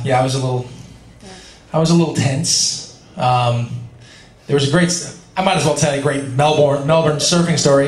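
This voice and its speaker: A man in his forties from California, telling stories at a convention panel in a chatty, self-deprecating way and laughing often. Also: fairly high pitch. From California, USA. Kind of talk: casual Q&A storytelling. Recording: echoey convention hall with crowd.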